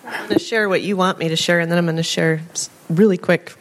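A woman's voice: on the low side, fairly even intonation, fast, noisy background. Earnest woman sharing a church testimony. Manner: heartfelt, earnest, with frequent soft laughs. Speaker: congregation member sharing a testimony. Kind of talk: spoken testimony.

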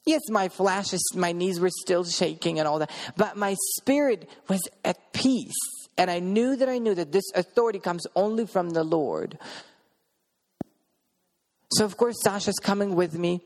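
A man's voice: high-pitched, normal speed, big-room sound. A man preaching a sermon, earnestly telling a personal story in vivid present tense. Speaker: preacher sharing a testimony.

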